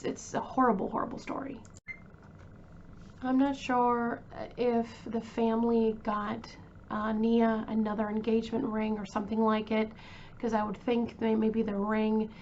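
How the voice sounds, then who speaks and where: True crime host: woman, chatty and emotional, fairly high voice, dull lo-fi sound. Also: a little mellow, a little hiss or hum. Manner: chatty, emotional, many fillers and restarts.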